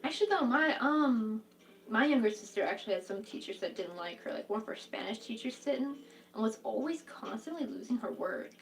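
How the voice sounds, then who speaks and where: A woman's voice: on the high side, expressive, fairly quick, gravelly, recorded from a distance. Chatty young woman crocheting on stream. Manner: chatty, reacting to viewers' comments, heavy use of "like". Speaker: crochet livestream host. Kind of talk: casual chat while crocheting on a live stream.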